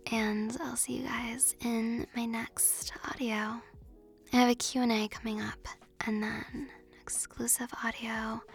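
A woman's voice: fairly high pitch, creaky. A young woman hosting an ASMR channel, rambling and giggling in a whispered ASMR chat with frequent ums, close to the mic.

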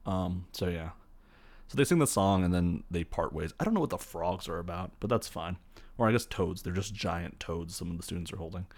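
A man's voice: deep voice, animated, brisk. A man giving a casual, rambling, jokey recap of a film scene by scene, with lots of fillers. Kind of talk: casual movie recap commentary.

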